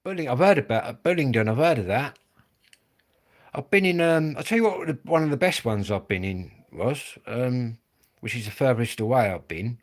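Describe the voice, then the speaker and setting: A man's voice: mid-range voice, expressive, normal speed. A middle-aged man with a Kent accent, chatting casually and rambling with viewers on a livestream, swearing and dropping blokey slang. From England. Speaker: livestream host.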